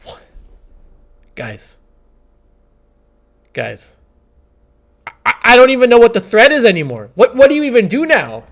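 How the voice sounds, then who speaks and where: A young man commentating chess on a live stream, exasperated, swinging between shouts and mumbling. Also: very high voice, big pitch swings, quick pace.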